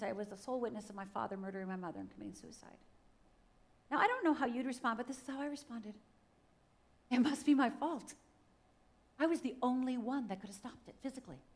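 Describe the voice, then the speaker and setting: A middle-aged woman from Upper Michigan giving a personal testimony talk at a church, speaking straight to the audience and acting out the voices in her story. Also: medium pitch. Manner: dramatic storytelling, acts out quotes, addresses audience directly. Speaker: guest speaker. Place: church stage.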